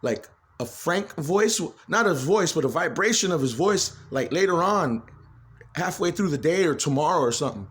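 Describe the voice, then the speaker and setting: A man's voice: fairly high pitch, lively intonation, normal speed. A man talking straight into a phone camera in a rambling personal monologue, agitated, swearing freely and repeating himself. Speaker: vlogger.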